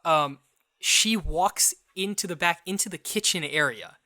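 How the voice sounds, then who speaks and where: Bright-voiced young man telling a story. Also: on the high side. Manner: animated, acts out quoted dialogue; restarts and fillers, quick asides. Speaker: podcast co-host. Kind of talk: casual storytelling chat.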